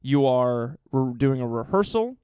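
Chill guy on a podcast, rambling with lots of ums, smooth voice, dry close mic. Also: mid-range voice, big pitch swings, unhurried, darkish tone, dry recording. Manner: loose, swearing, laughing, trailing off with ums. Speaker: podcast co-host telling the story. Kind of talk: casual chat.

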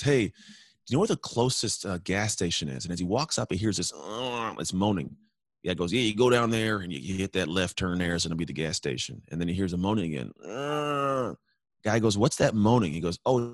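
A middle-aged man talking in a motivational conversation on a podcast, energetic, telling stories and pushing his voice up when he urges people on. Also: deep voice, no room sound. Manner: energetic, storytelling, rising emphatically when urging. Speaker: podcast guest, former pro athlete.

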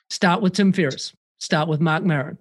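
A man chatting casually as a podcast guest over a remote call, animated and swearing freely, acting out quoted voices. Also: fairly high pitch, a little slow, husky.

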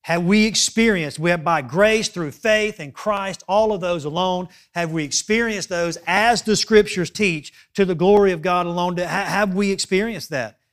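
A male pastor preaching a sermon, emphatic, dropping to hushed asides and rising to loud appeals, often checking in with "okay?". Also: high-pitched, normal speed, hardly any pauses.

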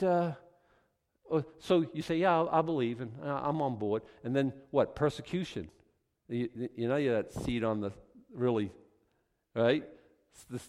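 A man delivers a sermon with a lively, swooping voice. He acts out little conversations and builds to loud, intense peaks before dropping back to a conversational tone. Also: medium pitch. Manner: animated, acts out dialogue with rising intensity. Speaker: preacher.

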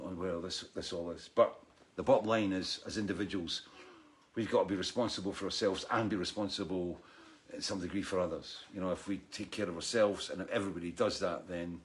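A man's voice: low voice, steady tone, fairly quick. Rambling, sweary man. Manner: rambling and sweary, heavy on "you know". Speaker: show host. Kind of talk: casual livestream chat.

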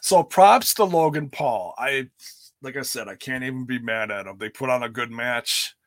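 A man's voice: medium pitch, animated, normal speed, dry recording, clean studio sound. A man giving a candid, rambling recap of a wrestling event in casual chat, speaking casually and swearing now and then. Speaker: wrestling commentator.

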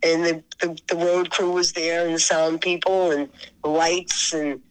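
Older woman, halting and earnest. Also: lowish voice, level tone, low-quality recording. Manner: halting, repeats words and restarts phrases. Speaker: guest musician. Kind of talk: reminiscing interview talk.

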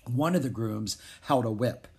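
A man narrating a children's chapter book aloud in an expressive storytelling manner. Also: medium pitch, normal speed, vocal fry, husky. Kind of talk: children's audiobook reading.

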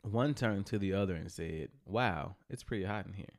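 A man's voice: low voice, moderate pace. A man co-hosting a casual podcast, laid-back and laughing at his own corny jokes. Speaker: podcast co-host. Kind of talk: casual joke-telling chat.

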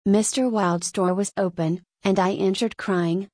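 A woman narrating a dark literary tale in the first person, giving a dramatic reading. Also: mid-range voice, steady tone, a little slow, no echo. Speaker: audiobook narrator.

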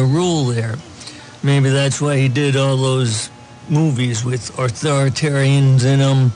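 Reading news aloud in a casual political commentary, this man has a slightly high, darkish voice. He fills the gaps with ums and throws in sarcastic remarks.

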